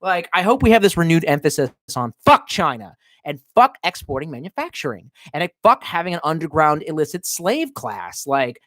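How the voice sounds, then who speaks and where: Male streamer, lively pitch, profane rambling rants and sudden shouts. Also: moderate pace, hardly any pauses, dry recording, studio quality. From United States. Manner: profane, ranting, talks to himself, sudden yells. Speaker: live streamer reading chat. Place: home basement room.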